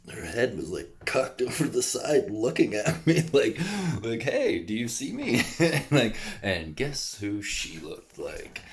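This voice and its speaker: A man vlogging in a casual, rambling monologue who laughs often between phrases, swears freely and keeps trailing off and starting over. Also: sits low. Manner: trails off and restarts a lot.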